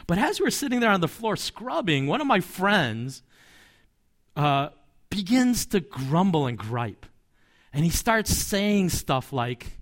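A man's voice: high-pitched, sing-song, slow pace. A man, a pastor, preaching a sermon in a conversational, storytelling way with asides and light chuckles.

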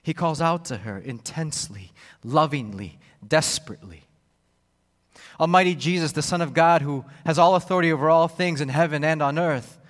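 A man preaching a sermon, expressive and repetitive, acting out the voices he quotes. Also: medium pitch, big-room sound. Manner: expressive, acts out quoted voices, repeats words. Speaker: pastor.

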